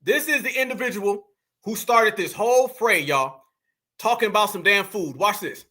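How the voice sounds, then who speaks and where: American commentary host, very high bright voice, heated repeating rant. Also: male voice, normal speed. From United States. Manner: animated, heated, repetitive and profane. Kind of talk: reaction commentary to a live chat.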